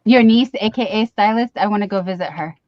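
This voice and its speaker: A woman hosting a casual livestream, gushing and gasping with excitement as she unboxes gifts. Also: mid-range voice, fairly quick, no room sound. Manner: gushing, excitable, many gasps and exclamations. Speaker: livestream host. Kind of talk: casual live chat while unboxing gifts. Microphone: webcam or desk mic on a video stream. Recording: dull dry stream audio.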